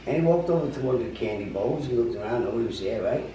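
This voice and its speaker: A man telling a story in a gruff, profane way and acting out the quotes. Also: medium pitch, animated, racing, mellow, dull audio. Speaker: storyteller guest. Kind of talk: casual anecdote telling. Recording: echoey room, distant mic, faint noise.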